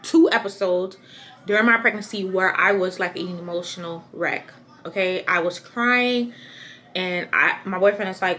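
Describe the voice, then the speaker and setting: Bright-voiced young woman chatting candidly. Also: fairly low pitch, moderate pace. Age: young adult. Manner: chatty, candid, rambling with repeats. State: pregnant. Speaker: vlogger. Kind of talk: casual pregnancy update to camera.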